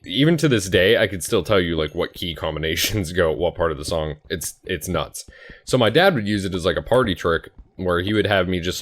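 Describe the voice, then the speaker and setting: A man in his twenties chatting casually through a rambling personal story while playing a game, full of fillers. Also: low voice. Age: 20s. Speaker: gaming YouTuber.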